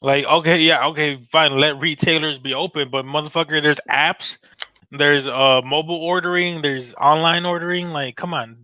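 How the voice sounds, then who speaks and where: A man's voice: a little high, moderate pace, no echo. A man in his late twenties from the United States, hosting a casual podcast and ranting with a lot of swearing. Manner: ranting, profane, animated. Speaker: podcast host. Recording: dull, lo-fi sound.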